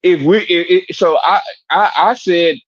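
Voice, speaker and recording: A man in a casual podcast debate, talking in halting bursts with many restarts and fillers. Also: high voice, no room sound, highs cut off. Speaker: podcast panelist.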